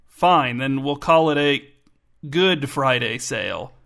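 A man's voice: mid-range voice, lively intonation, slow pace, gravelly, fairly bright tone, exaggerated voice. A man voicing a fussy middle-aged male shop owner who is stubborn and self-satisfied. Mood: pleased, insistent.

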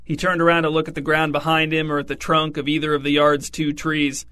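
A man narrates a comic story in a wry, deadpan manner. His voice sits a bit high and bright. He keeps a flat, even contour throughout. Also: a little fast, smooth. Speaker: audiobook narrator.

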